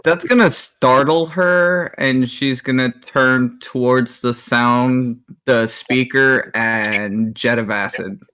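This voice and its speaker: A man's voice: medium pitch, steady tone, slow, few pauses, bright, forceful tone, smooth. A man playing a tabletop role-playing game over voice chat, narrating his character's actions in short remarks. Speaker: player.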